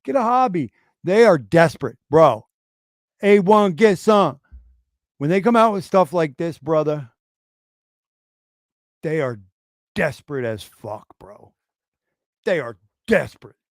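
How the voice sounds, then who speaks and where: A man with a high voice hosts a casual livestream. He talks in a profane, animated way, with unhurried pacing, and acts out mocking voices of other people. The sound is dry and close, with little room around it. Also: no room sound. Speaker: podcast host.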